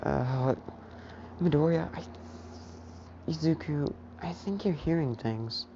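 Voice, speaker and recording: A woman's voice: deep voice, takes it slowly, background noise. A woman playing a worried father. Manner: concerned questioning. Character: worried adult father figure. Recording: dull lo-fi recording.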